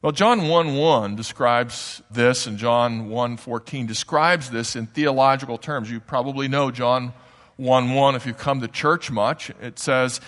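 A man delivers a sermon in a church hall with a long, ringing reverb. His voice sits at an ordinary middle pitch. He explains things conversationally and drops in casual asides to his listeners. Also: unhurried, fairly bright tone. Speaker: preacher.

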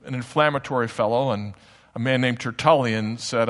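A man delivers a sermon in a church hall with a long, ringing reverb. His voice sits at an ordinary middle pitch. He explains things conversationally and drops in casual asides to his listeners. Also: normal speed. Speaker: preacher.

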